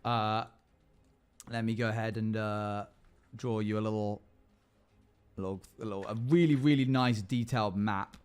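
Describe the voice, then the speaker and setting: A man's voice: mid-range voice, a little slow. A man streaming live, casually narrating a choose-your-path adventure for his chat with lots of fillers and restarts. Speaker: streamer running an interactive adventure.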